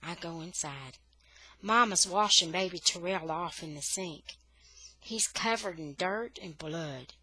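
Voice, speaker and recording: A woman reading a children's novel aloud for English learners, slow and expressive. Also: on the low side, breathy edge, dry recording.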